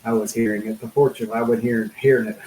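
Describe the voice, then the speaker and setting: A middle-aged man speaking as a guest in an interview, telling a personal story in an earnest, halting way, full of fillers and restarts. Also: on the low side, fairly even intonation, dark tone, reverberant, slight background noise, poor audio.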